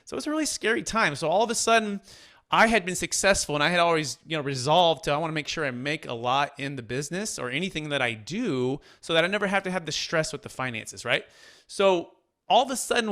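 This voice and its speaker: A man in his thirties from Northern California, a commercial real estate broker telling his life story in an energetic, conversational way. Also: fairly high pitch. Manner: energetic, repeats words when restarting.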